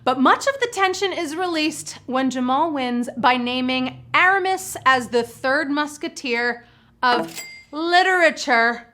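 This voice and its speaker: A woman's voice: sits high, lively intonation, normal speed, over music. A woman hosting a live trivia game show, exuberant and playful, joking with the players as she reads out questions and answers.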